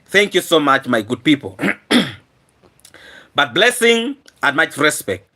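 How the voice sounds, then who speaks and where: A man hosting a casual live stream, hoarse and often clearing his throat, repeating earnest thanks to his viewers. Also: on the high side, very animated, a little slow, sharp tone. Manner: repetitive, earnest thank-yous.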